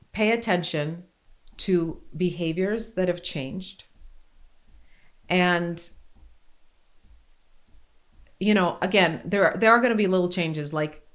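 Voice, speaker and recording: This middle-aged podcast co-host talks in an earnest, emphatic, conversational way. When she drives home a point, her pitch climbs.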